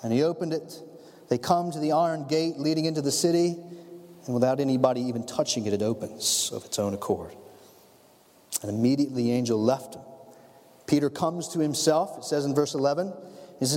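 Male pastor, animated sermon storytelling, slightly high voice, long echoing hall reverb. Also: brisk. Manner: animated storytelling, acts out scenes.

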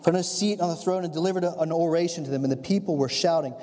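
A man preaching a sermon as a pastor, telling the story in an animated way and acting out the scenes. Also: on the high side, fast talker. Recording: long hall reverb.

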